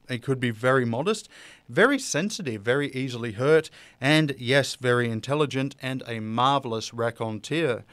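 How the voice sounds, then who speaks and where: A man talks loosely and conversationally as a host, mid-pitched and smooth, with the odd filler and restart. The sound is close and dry, with no room around it. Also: a bit bright, no echo. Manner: chatty, with fillers and restarts, laughing easily. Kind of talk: casual unscripted monologue.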